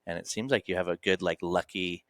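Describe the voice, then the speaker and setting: A man's voice: low voice, fairly even intonation, a little fast, fairly bright tone, dry recording, studio quality. A man hosting a casual podcast conversation, earnest and reflective, swearing now and then. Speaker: podcast host.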